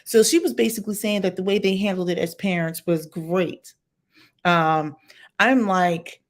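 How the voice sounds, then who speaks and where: On a home livestream setup, this woman's fairly low voice keeps a measured pace. She speaks directly to viewers with blunt, opinionated reaction commentary, delivered emphatically and with energy.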